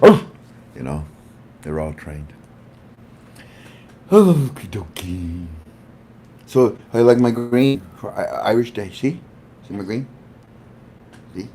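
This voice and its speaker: Slow-talking playful man, low voice. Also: a little mellow, slight background noise. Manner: playful, joking, rambling. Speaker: livestream host. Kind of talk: casual livestream chat with viewers.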